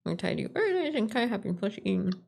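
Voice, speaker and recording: A woman's voice: medium pitch, big pitch swings, moderate pace, vocal fry, darkish tone. A woman streamer chatting casually during a game stream, loose, cursing and self-mocking.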